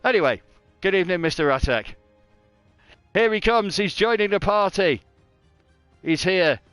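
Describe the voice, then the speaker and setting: Chatty race commentator, smooth and dry. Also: male voice, high voice, animated, normal speed, a bit bright, dry recording, faint music behind. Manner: chatty, joking, self-mocking. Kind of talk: live race commentary chat.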